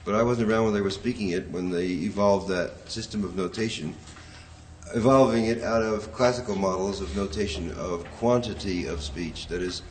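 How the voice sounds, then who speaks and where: A man's voice: deep voice, moderate pace, a little mellow, a little hiss or hum. A man lecturing a poetry class, rambling and hesitant, chanting rhythms aloud to show them. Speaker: poetry teacher.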